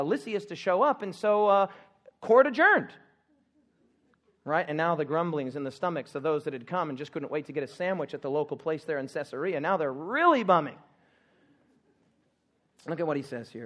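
A man preaching a sermon in a church, animated and humorous, calling out questions for the congregation to answer. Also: fairly high pitch. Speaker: pastor.

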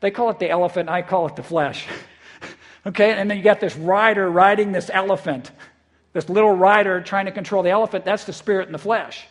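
A male pastor preaching a conversational sermon. He is lively and repeats words when he gets excited. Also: high voice, fairly quick. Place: church in eastern South Dakota.

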